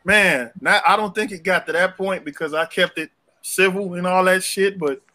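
Animated young man telling stories. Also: moderate pace. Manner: animated storyteller, slangy, jumps up in pitch for punchlines. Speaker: podcast co-host. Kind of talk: casual storytelling chat.

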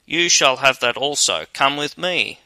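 A man voicing a clever, vengeful male sparrow in a fairy tale, in a brisk, confident manner. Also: mid-range voice, animated, bright, forceful tone, dry recording, exaggerated voice. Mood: friendly.

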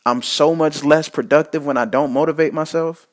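In a fairly high voice with fairly even intonation, a man talks at a moderate pace straight into the camera. He preaches a casual motivational message, repeats himself a lot, and restarts phrases after stumbling.

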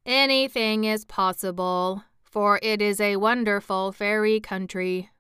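A woman voicing a polite, formal copper clockwork man in a storybook reading, speaking in a stiff, measured way. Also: mid-range voice, steady tone, a bit bright, clean tone, dry recording, clean studio sound, natural voice. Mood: courteous.

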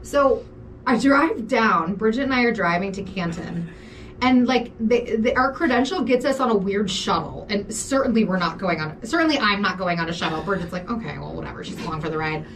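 A woman's voice: medium pitch, normal speed, distant mic, a little hiss or hum. A woman co-hosting a podcast, telling a story in casual chat with lots of swearing and laughter. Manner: animated, profane, laughs often while telling stories. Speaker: podcast co-host.

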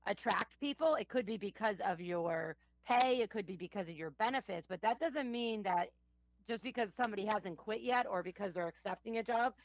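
A woman's voice: mid-range voice, animated, brisk, dry recording. Brief: woman guest expert, earnest and explanatory, dry, dull lo-fi remote sound. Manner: earnest and explanatory, with thinking fillers. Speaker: guest, HR professional. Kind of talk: interview answers.

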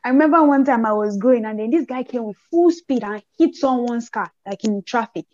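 A young Nigerian woman with a Nigerian accent chats casually, telling animated stories and voicing the people she quotes in raised tones. Her voice is a little high and fairly quick, with no room sound and lo-fi audio.

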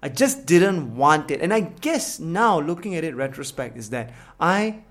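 A man with a Singaporean accent talks casually and candidly, stumbling over restarts and swearing as he goes. He sounds animated and unguarded, like a co-host telling stories from his younger days. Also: a little high, unhurried. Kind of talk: casual chat.

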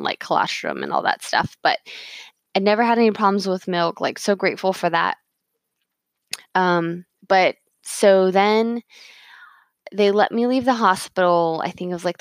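Young mother, lowish voice, dry close sound, chatty rambling storyteller full of fillers. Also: expressive, normal speed, no room sound. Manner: rambling, many "like" fillers, emotional retelling. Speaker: mother telling her birth story. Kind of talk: casual personal storytelling.

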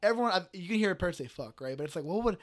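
A man's voice: high-pitched, very fast. An American man co-hosting a podcast, telling stories in casual banter and laughing often. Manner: animated storyteller, acts out voices, laughs often. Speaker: podcast co-host. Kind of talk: casual banter among friends.

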